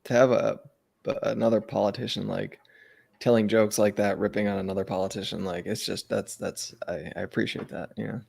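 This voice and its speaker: Gravelly, raspy-voiced rambling man. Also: fairly low pitch, little pitch movement, a little mellow. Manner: rambling, halting, lots of fillers. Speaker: podcast co-host. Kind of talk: casual chat.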